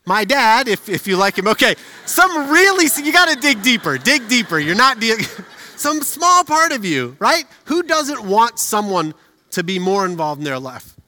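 A middle-aged man preaching a sermon as a pastor, telling stories with humor and animated delivery. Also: high voice, moderate pace. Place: church auditorium. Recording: reverberant hall.

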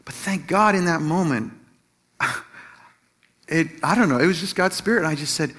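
Speaking directly to his audience, this middle-aged pastor or Christian teacher has a notably high voice and lively intonation. He preaches through a personal anecdote full of restarts and small laughs, performing the quotes before easing into a softer, slower tone for his points.

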